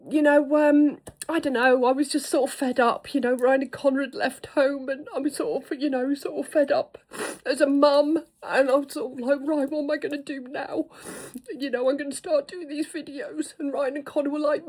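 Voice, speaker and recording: A woman's voice: high-pitched, fairly even intonation, moderate pace. A middle-aged woman, chatting to camera in an effusive way as a vlogger. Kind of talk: casual chat to camera.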